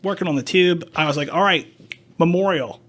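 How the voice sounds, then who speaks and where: A man's voice: fairly high pitch, a little fast, a bit bright. A man hosting a podcast, telling a story in casual chat, acting out quoted dialogue and swearing freely. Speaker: podcast host.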